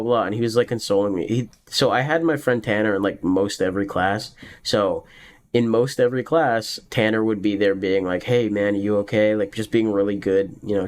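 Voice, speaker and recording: A man's voice: on the low side, steady tone, a little fast. A young man telling a personal story in a casual, rambling way, full of fillers, now and then laughing at his own tale. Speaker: podcast host.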